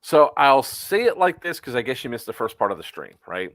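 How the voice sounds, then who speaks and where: A man's voice: mid-range voice, big pitch swings, brisk, a bit bright, dry recording, low-quality recording. A man co-hosting a casual chat, telling a story with many fillers and acted-out quotes. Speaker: podcast co-host.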